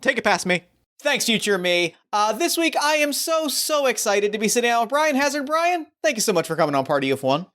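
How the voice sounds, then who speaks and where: A man's voice: very high-pitched, sing-song, a little fast, fairly bright tone. A man hosting a tabletop role-playing podcast, chatting enthusiastically with a guest before the game. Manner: upbeat, enthusiastic, many fillers. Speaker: podcast host and game master.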